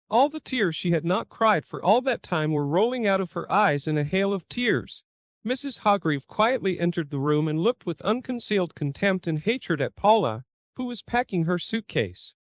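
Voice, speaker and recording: A man narrating a dramatic family story in a steady, even storytelling read. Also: high voice, moderate pace, no echo, clean studio sound.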